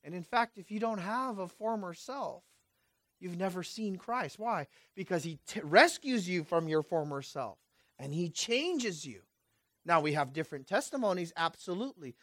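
A man preaching a sermon with passion, swinging between loud urgent peaks and hushed asides, and throwing rhetorical questions at his congregation. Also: sits high, lively intonation, normal speed, dry recording.

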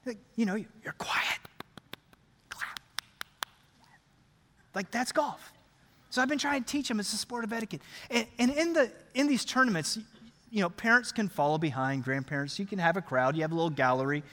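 High-voiced pastor in a reverberant hall. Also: male voice, fast. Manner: animated, conversational, acts out scenes. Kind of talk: sermon storytelling. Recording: long reverb of a large hall.

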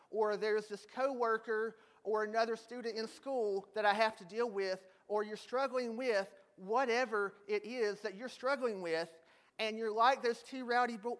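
A man's voice: high voice, a bit bright. A man pastor preaching a sermon, telling a joke story and joking with the congregation in a church.

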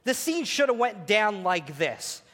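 A man preaching a sermon as pastor, animated and playful, speaking to a congregation. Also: sits high, a little slow, long reverb tail. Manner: animated, preacherly, acts out voices. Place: church sanctuary.

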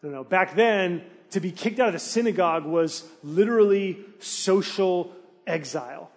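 A man preaching a sermon as a pastor, telling the story with animated energy and briefly acting out the townspeople's voices. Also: high-pitched, normal speed, big-room sound.

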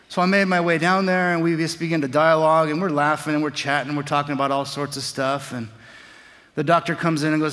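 A pastor in his forties delivers his sermon with a high, bright voice. He tells stories with animation, then drops to quiet reflection. The sound rings with the long reverb of a large hall. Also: fast. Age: 40s.

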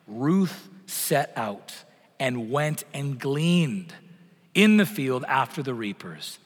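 A middle-aged man preaching a sermon, swelling loud on promises and sinking to a near-whisper at the ends of phrases. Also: medium pitch, very animated, takes it slowly, breathy edge. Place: church sanctuary. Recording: long church reverb.

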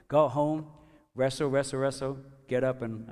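A man's voice: medium pitch, fairly even intonation, moderate pace, darkish tone, in a large hall. A man giving a personal testimony in a casual storytelling way, rambling with restarts and repeated words and often chuckling as he talks. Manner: chuckles often while telling.

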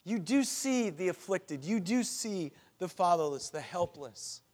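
A man's voice: high voice, lively intonation, measured pace, darkish tone. A middle-aged man preaching a sermon as pastor, earnest and building to impassioned pleas.

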